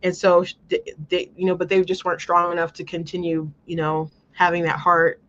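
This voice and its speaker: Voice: mid-range voice, monotone, brisk, fairly bright tone, lo-fi sound, a little hiss or hum. A show host talking casually in an earnest, rambling way, with many restarts. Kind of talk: casual commentary monologue.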